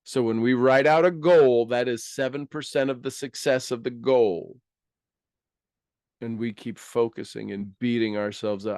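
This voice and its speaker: A man's voice: medium pitch, steady tone, moderate pace, darkish tone, dry recording, clean studio sound. A man giving a motivational coaching talk, acting out quoted voices and laughing often.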